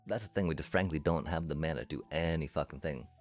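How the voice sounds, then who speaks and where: A man's voice: a bass voice, quick pace. A male streamer ranting to his chat, angry and profane, swearing through his frustration. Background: faint music.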